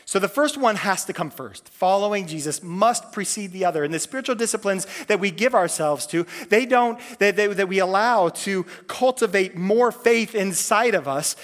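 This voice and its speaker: A man's voice: sits high, lively intonation, moderate pace, few pauses, fairly bright tone. A man pastor giving a conversational sermon, earnest, often restarting and repeating words mid-phrase. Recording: long reverb of a hall.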